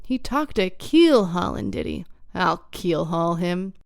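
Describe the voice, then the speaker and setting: A woman voicing a crafty, hearty one-legged pirate landlord who talks loud and blusters, in a storybook reading. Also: fairly low pitch, lively intonation, takes it slowly, vocal fry, no room sound, clean studio sound, full character voice. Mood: excited.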